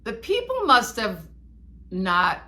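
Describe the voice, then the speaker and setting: A woman co-hosting a podcast, telling a personal story in an animated, self-mocking way. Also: a little high, slow pace, crowd noise. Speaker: podcast co-host. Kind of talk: casual storytelling chat.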